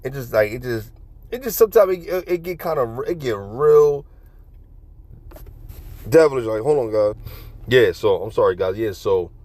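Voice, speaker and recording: Brief: New guy ranting casually, mid pitch, profane, repetitive storytelling. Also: lively intonation, moderate pace, long pauses, darkish tone, dry recording. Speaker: vlogger. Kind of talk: casual rambling monologue.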